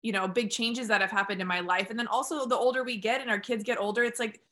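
A woman's voice: on the high side, steady tone, fast talker, a bit bright. A woman hosting a podcast, chatty and affirming in a casual conversational interview. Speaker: podcast host.

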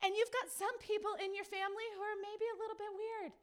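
A woman pastor preaching a sermon, telling stories in a lively way, acting out the people in them and putting questions to her listeners. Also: extremely high pitch, fast. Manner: lively storytelling, acts out quoted people; speaks to the audience directly with questions.

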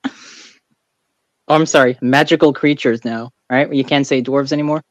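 A man's voice: mid-range voice, fairly even intonation, unhurried, no room sound, dull audio. A man co-hosting a podcast in casual chat, laughing often and breaking into exasperated outbursts. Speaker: podcast co-host.

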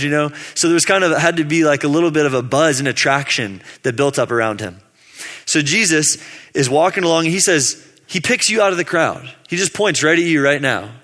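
A man's voice: fairly high pitch, sharp tone. A man preaching a casual sermon in a laid-back, slangy way, acting out the people in his story. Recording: long hall reverb.

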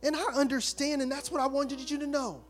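A man giving a fervent testimony sermon, acting out the people in his story and rising to loud, forceful bursts. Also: very high voice, fairly even intonation, fairly quick, faint music behind. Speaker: preacher.

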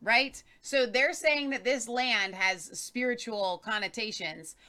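A woman co-host with a bright, forceful voice argues her view in casual chat. She drives her point home with rhetorical questions and firm emphasis. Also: on the high side, takes it slowly.

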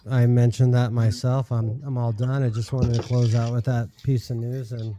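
A man co-hosting a chat show, reading news stories in a hesitant, low-key way. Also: level tone, normal speed, very noisy.

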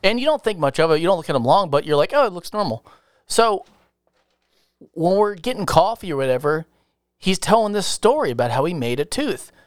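A man's voice: fairly high pitch, animated, brisk, no room sound, clean studio sound. A man co-hosting a podcast, telling stories in a loose, profane way and laughing often. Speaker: podcast co-host. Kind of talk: casual chat, storytelling.

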